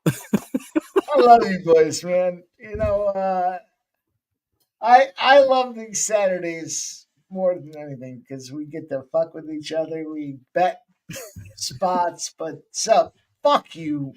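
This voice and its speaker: Male live-stream host, high voice, unhurried, profane and joking. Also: animated. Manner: loud, joking, profane banter. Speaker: betting show host. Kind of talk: casual live-stream chat.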